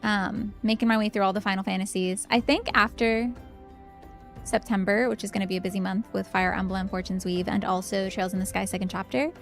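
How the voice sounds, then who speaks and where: A woman's voice: medium pitch, fairly bright tone. A young woman chatting casually with her viewers while streaming a game, upbeat and rambling, with faint music behind.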